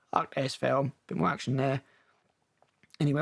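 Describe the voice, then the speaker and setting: Gravelly, blunt-talking male film critic. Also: medium pitch, fairly even intonation, normal speed, pauses often. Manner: blunt, sarcastic, profane. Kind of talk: trailer reaction commentary.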